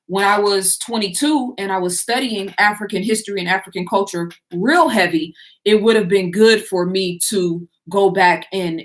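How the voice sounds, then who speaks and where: A woman's voice: mid-range voice, a bit bright. A middle-aged woman hosting a live Q&A, talking to her viewers in a loose conversational way with frequent fillers and restarts. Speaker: host answering viewer questions. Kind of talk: casual live Q&A talk.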